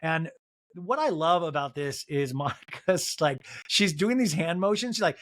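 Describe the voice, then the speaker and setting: A male podcast host giving a comic solo recap, his voice sitting a little high and bouncing all over with lively pitch. He delivers it in a gossipy tone full of wry asides. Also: normal speed.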